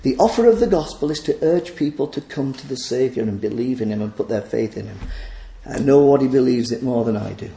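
Gravelly, earnest male preacher. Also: medium pitch, animated, fairly quick, mellow. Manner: earnest, vivid storytelling. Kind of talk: sermon. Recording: echoey room.

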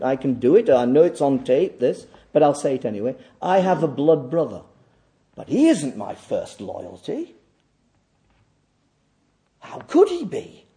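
A man preaching a sermon, emphatic and repetitive, swinging between loud declaiming and quiet asides. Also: fairly high pitch. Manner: emphatic, repeats phrases for stress. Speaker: pastor.

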